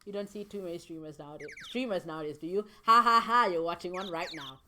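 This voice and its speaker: A woman's voice: fairly low pitch, quick pace, a little hiss or hum. A woman streaming a video game, giggling and commenting as she reads along. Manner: giggly, animated.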